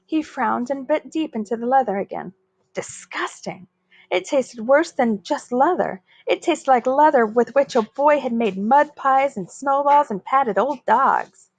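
A woman reading a children's chapter book aloud in a steady, expressive way. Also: sits high, no echo. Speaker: story reader.

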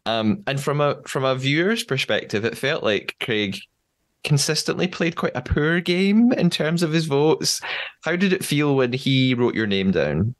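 A man hosting a podcast, interviewing a guest in a friendly, attentive way with soft filler words. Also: mid-range voice, expressive, a little slow. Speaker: podcast host.

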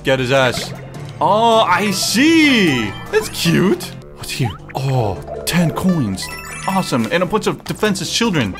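Young-sounding gaming streamer, excitable and swearing, lively up-and-down delivery, game music behind. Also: male voice, fairly high pitch, slow. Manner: excitable, joking, swears often, talks to the game. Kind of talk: let's play commentary.

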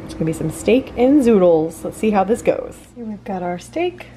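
A woman's voice: medium pitch, expressive, moderate pace, dark tone. Young woman doing a casual home vlog, upbeat, cracks bad jokes, faint hiss behind. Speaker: vlogger. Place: home kitchen.

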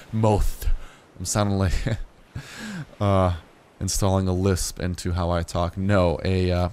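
A young man giving casual, jokey gameplay commentary as a gaming YouTuber, rambling through asides and breaking into excited outbursts. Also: lowish voice, clean tone.

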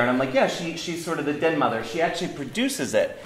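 Animated man telling a story in an echoey room. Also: on the high side, fast talker. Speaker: guest. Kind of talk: casual storytelling. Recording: echoey room with loud noise.

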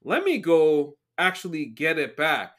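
A man hosting a podcast, chatting casually, enthusiastic and halting as he restarts his sentences. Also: fairly high pitch, sing-song, a bit bright. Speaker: podcast host. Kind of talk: casual chat.

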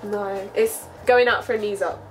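A woman's voice: mid-range voice, steady tone, normal speed. A young English woman hosting a casual vlog chat, explaining things with frequent giggles over background music. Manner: giggly, laughs often while explaining. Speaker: vlog host.

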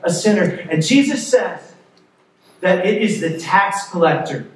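A man preaching a sermon as pastor, telling a story in a conversational, lively way. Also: high voice, unhurried, slight background noise. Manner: storytelling, animated in places, conversational. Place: church sanctuary. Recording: echoey sanctuary, mic far off.

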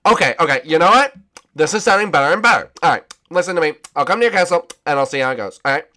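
A man's voice: on the high side, lively intonation, very fast, bright, forceful tone. A man voicing a goofy, lovesick old wizard king over gameplay, rambling with lots of ums and hesitations. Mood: bumbling.

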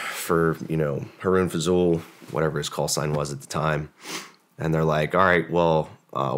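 A former special forces operator tells a long story in a casual podcast interview, rambling with lots of fillers and acting out the dialogue. His voice is deep and a bit bright.

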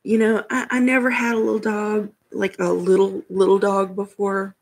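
Woman streamer, casual home chat, husky and unhurried, chatty with frequent laughs. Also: medium pitch, little pitch movement, low-quality recording. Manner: chatty, rambling, laughs often. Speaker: livestream host.

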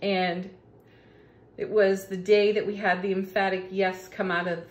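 Woman slowly reading tarot cards, chuckles a lot, echoey room. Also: medium pitch, little pitch movement, dull audio. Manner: slow, warm-hearted, laughs often, gushing about the cards. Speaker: tarot reader. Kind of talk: casual spiritual tarot reading.

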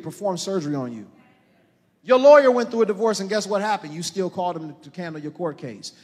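Man, pastor, sermon, high voice, rises from hushed to shouting, talks to the congregation, long church hall reverb. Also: animated, a little fast, husky. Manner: impassioned preaching that swings from hushed to shouting; calls on the congregation directly.

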